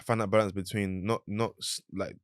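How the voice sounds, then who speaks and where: A young man hosts a podcast, thinking his points through with halting restarts. His voice is very low. The recording is close and dry. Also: fairly even intonation, no echo. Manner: thoughtful, halting, with many restarts. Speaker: podcast host. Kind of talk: casual chat.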